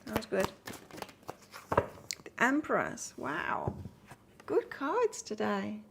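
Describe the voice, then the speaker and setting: Chatty tarot reader woman, gravelly edge. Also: mid-range voice, very animated, very slow, noisy background. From England. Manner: chatty and upbeat, reads out cards and answers comments. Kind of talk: live-stream tarot reading with viewer chat.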